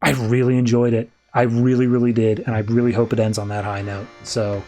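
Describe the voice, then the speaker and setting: A man hosts a comics podcast and retells the plot of an issue in a loose, chatty way. He jumps into quick quoted lines for the characters as he goes. His pitch sits in a middle range for a man. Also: little pitch movement, mellow. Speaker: podcast host. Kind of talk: casual comic book recap.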